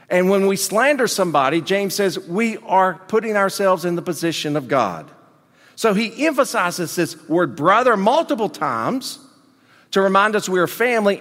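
A male pastor preaching a sermon, animated and emphatic, with folksy asides and questions to the congregation. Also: high-pitched, big-room sound.

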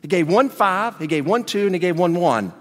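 A man playing a quick-thinking pastor in a joke, who delivers a dry comeback. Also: high-pitched, animated, a bit bright, big-room sound.

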